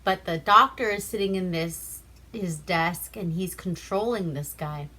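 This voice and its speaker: A woman's voice: fairly low pitch, a little slow, pushed and bright. A woman from Alaska casually retelling a movie plot in a loose, chatty way, swearing freely between fillers. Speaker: movie reviewer.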